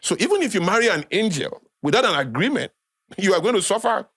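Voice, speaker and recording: A man's voice: high voice, very animated, fast talker, fairly bright tone, slightly rough, no room sound, clean studio sound. Emphatic Nigerian man lecturing. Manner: emphatic, repeats key phrases for weight. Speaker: podcast guest. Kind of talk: conversational lecturing. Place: podcast studio.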